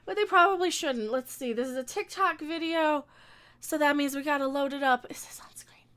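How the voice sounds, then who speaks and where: A woman's voice: sits high, normal speed, fairly bright tone. A woman streamer ranting sarcastically through a live reaction stream, talking back at the video and sometimes tripping over her words.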